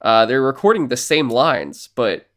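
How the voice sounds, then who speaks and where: Man, casual podcast chat, animated, acts out game characters, mid pitch. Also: measured pace. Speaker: podcast co-host.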